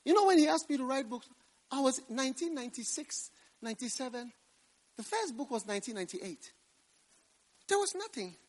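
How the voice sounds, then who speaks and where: A man preaching a revival sermon in church, swinging from loud, drawn-out scripture quotes to quiet, hushed asides. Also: very high-pitched, very animated. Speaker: pastor.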